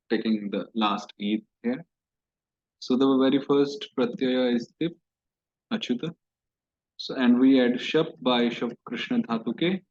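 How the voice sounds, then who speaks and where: A man teaching Sanskrit grammar in a recorded class, explaining step by step and repeating key terms. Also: mid-range voice. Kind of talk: recorded online class lecture. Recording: dull lo-fi recording.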